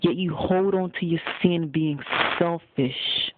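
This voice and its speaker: A man preaching a sermon, addressing his listeners directly and accusingly at a deliberate pace. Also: on the high side. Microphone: phone. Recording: tinny phone recording, dry.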